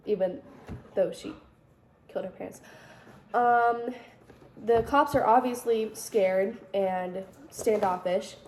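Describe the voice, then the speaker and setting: Young woman host, relaxed low-brightness voice, casual true crime storyteller. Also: slight background noise, poor audio. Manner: casual retelling with quoted voices and fillers. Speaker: podcast host.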